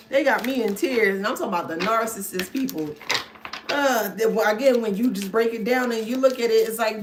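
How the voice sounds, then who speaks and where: A woman's voice: on the high side, background noise. A woman giving a casual spiritual card reading on video, laughing often and affectionately calling the listener "baby". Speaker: spiritual tarot reader.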